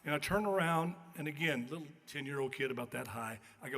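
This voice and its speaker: Speaking fast in a fairly bright voice on the high side, an older man gives a banquet acceptance speech at a podium microphone in a big hall. His after-dinner stories are folksy and self-mocking, and the recording carries long banquet hall reverb.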